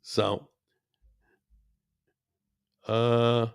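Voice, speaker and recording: A man's voice: medium pitch, little pitch movement, very slow, vocal fry, smooth, dry recording, clean studio sound. A man giving a heated political rant to his listeners, worked up and repeating himself. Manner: worked up, repetitive, addresses listeners as guys. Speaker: commentator.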